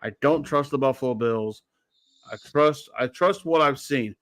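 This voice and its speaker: A man's voice: mid-range voice, unhurried, no room sound. A man hosting a sports radio show, talking bluntly and rambling, with some swearing. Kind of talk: casual sports talk.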